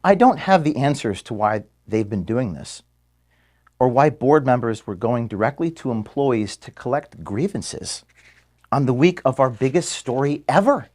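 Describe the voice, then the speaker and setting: A man, the founder of an organization, giving an earnest farewell speech to his staff in an office. He is emotional and halting, with restarts and pauses, and is being filmed. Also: medium pitch, animated, a little mellow. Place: office room at headquarters. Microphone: filmed by camera.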